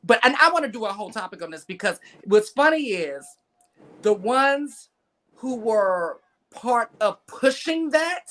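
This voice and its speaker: A woman's voice: on the high side, very animated, unhurried, fairly bright tone. Opinionated woman rambling in chat. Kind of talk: casual chat.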